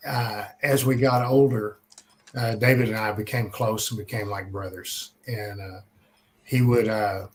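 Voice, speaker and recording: A man's voice: lowish voice, steady tone, moderate pace, slight background noise. Older man telling old stories. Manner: conversational, many "uh" and repeated starts. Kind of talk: casual storytelling.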